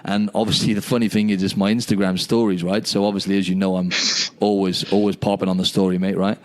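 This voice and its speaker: Fast-talking British-born man, chatty podcast host. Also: low voice. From United Kingdom. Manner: chatty, animated storyteller, says "mate" and "you know what I mean" often. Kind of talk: casual podcast chat over a video call. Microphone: video call.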